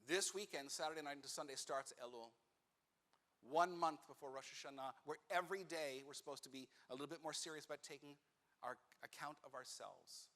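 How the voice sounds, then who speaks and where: A man, a rabbi, telling a personal story in a sermon, animated and acting out the voices of the people in it. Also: on the high side, a little fast. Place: synagogue sanctuary. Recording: reverberant hall.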